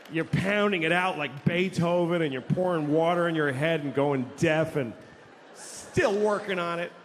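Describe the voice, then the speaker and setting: Animated profane comedian, hall reverb. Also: male voice, fairly high pitch. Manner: profane, exasperated ranting. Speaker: stand-up comedian. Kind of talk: stand-up comedy. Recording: long hall reverb, faint noise.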